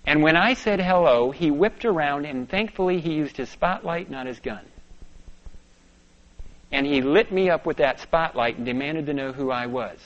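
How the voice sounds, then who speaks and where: Storytelling preacher, muffled lo-fi sound. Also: male voice, a little high, moderate pace. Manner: storytelling, dropping to hushed tones and rising to urgent bursts. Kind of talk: sermon with personal story. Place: church sanctuary. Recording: dull lo-fi sound.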